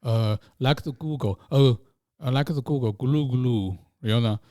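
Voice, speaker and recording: A man with a Chinese accent telling stories in casual chat, halting and repeating words as he searches for them. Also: medium pitch, dark tone. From China. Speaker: guest comedian.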